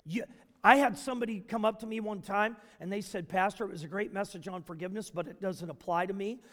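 A male pastor delivering a sermon, moving between loud, emphatic preaching and hushed, intimate storytelling. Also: sits high, fast, in a large hall.

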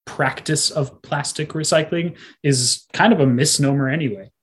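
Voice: medium pitch, moderate pace, a little hiss or hum. A podcast co-host in casual conversation, talkative and wry, often restarting sentences.

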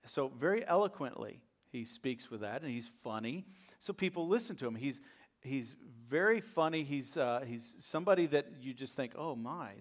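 A middle-aged man gives a sermon in an animated preaching voice. He talks at an even mid pitch, climbs into loud, pressing questions, then drops to soft asides. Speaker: pastor.

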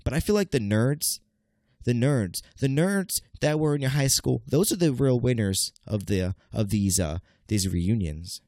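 A man's voice: mid-range voice, expressive, a little slow, a little mellow, no echo, clean studio sound. A man in his late twenties with a congested, nasal voice, hosting a casual solo podcast in a rambling, stammering way and speaking straight to his listeners. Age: late 20s. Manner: rambling, stammering, keeps calling listeners "people". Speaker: podcast host.

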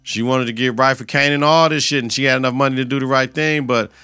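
A man's voice: medium pitch, steady tone, quick pace, bright, forceful tone, smooth, dry recording. A male podcast host giving a casual, profane, slang-heavy recap of a TV episode and quoting the characters' lines.

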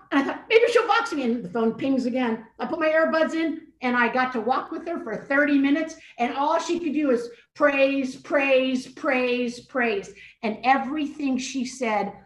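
Animated older woman telling a story. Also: fairly high pitch. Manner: expressive, acts out her own inner dialogue. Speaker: podcast guest. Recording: echoey room.

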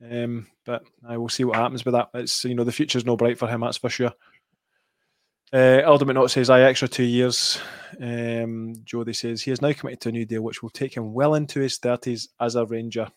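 A man's voice: medium pitch, little pitch movement, brisk, no echo, studio quality. A Scottish man co-hosting a podcast, easygoing and agreeable as he reads out listener comments. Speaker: podcast co-host. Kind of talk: casual chat, reading comments.

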